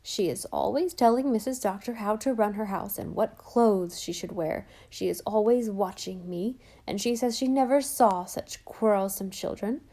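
A fretful housekeeper, read by a woman, pours out her woes in a mellow, warm voice. She talks solemnly and imploringly, making every grievance sound dramatic. It is an audiobook character voice. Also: medium pitch, moderate pace, few pauses, close to an everyday voice. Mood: solemn complaint.

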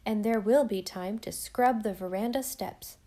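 A woman voicing a devoted, practical older housekeeper who speaks briskly and earnestly. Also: mid-range voice, warm tone.

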